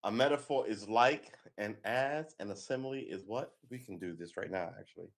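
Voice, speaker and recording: A man's voice: fairly low pitch, a little fast, hardly any pauses. A man chatting casually on a home live stream, rambling and joking as he snacks, often laughing. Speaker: vlogger.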